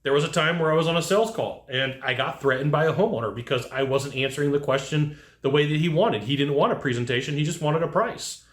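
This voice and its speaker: A man giving casual advice to HVAC technicians, telling lively work stories and acting out what people said. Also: a little high, fast talker, roomy sound. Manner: animated storyteller who acts out quotes. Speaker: HVAC sales trainer.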